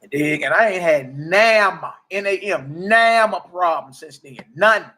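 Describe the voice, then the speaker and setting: A livestream host in his forties shares a casual, preachy testimony, slangy and animated, frequently asking "you dig?" His voice sits high and he takes his time.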